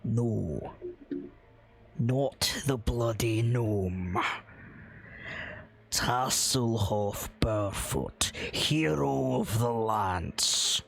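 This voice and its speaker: A man doing a gruff old dwarf voice. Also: medium pitch, very slow, pauses often, fairly bright tone, heavily acted. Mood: scornful. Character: gruff old male dwarf, wary and hostile.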